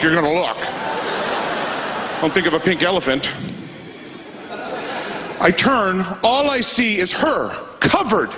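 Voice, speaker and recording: A man in his thirties doing a stand-up comedy set on stage, telling stories in a deadpan way with quick asides. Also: fairly high pitch, a little hiss or hum.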